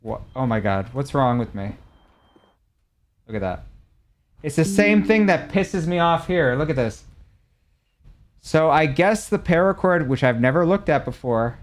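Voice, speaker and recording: A young man reacts animatedly while casually chatting with his live-stream viewers, his voice going from loud to soft. It sits on the high side with big pitch swings, and he talks a little slowly with long pauses.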